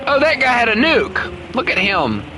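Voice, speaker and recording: A man's voice: very high voice, huge pitch swings, unhurried, music in the background. A man casually commenting on his own gameplay while streaming, chatty and laughing often as he talks to himself. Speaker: gaming streamer. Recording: noisy game audio underneath.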